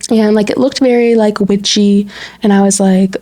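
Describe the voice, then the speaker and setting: A woman co-hosting a podcast tells a story casually and with animation, acting out quoted dialogue and using "like" frequently. Her voice is medium-pitched at a moderate pace.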